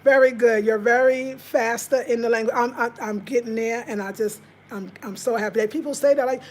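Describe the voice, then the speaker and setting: A woman's voice: on the high side, brisk. A woman chatting casually on a live stream, talking straight to her viewers and answering their comments. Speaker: vlogger reading live chat.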